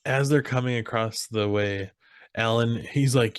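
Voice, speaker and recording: A man's voice: medium pitch, unhurried, clear, resonant tone, no room sound, studio quality. A young man casually recapping a comedy film on a podcast, quoting the characters and laughing as he goes. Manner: animated retelling, quoting characters, swearing, laughing. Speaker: podcast co-host. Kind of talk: casual movie recap chat.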